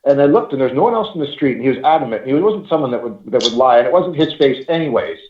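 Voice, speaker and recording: A man's voice: medium pitch, animated, fast talker. A man in his forties from Canada, telling rambling stories in a casual chat and swearing now and then. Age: 40s. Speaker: paranormal investigator guest. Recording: roomy, dull lo-fi call audio.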